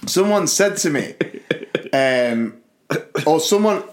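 Chatty man telling animated school stories. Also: fairly high pitch, slow. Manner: animated storyteller who acts out teachers and his dad. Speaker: podcast co-host. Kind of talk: casual chat.

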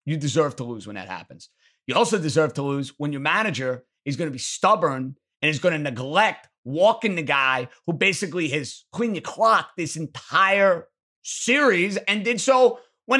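Sports radio host, male, bright and punchy delivery, blunt opinions. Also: a little high, very animated, moderate pace. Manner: blunt, emphatic, ranting. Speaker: sports talk show host. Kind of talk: opinionated sports call-in commentary.

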